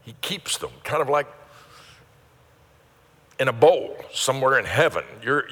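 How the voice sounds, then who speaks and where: Older male pastor, bright, hall echo. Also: medium pitch, husky. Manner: earnest, repeats phrases, builds to rising emphatic peaks. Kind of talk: sermon. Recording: sermon in a reverberant church hall.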